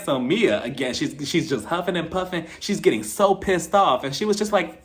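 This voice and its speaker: A man's voice: high-pitched, brisk. A man giving a casual, dramatic recap of a reality show, full of exclamations. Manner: animated, dramatic retelling with exclamations. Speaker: reality TV reviewer.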